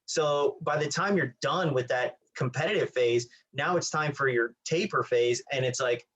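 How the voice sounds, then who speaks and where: A man's voice: mid-range voice, moderate pace, fairly bright tone, rough recording. A man co-hosting a running podcast, casually explaining training with many fillers. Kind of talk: casual chat.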